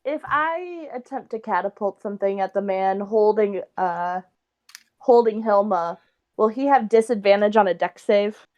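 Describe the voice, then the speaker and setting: A woman playing a tabletop game, excitable and often laughing. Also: medium pitch, unhurried, muffled recording. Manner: giggly, excitable. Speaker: player.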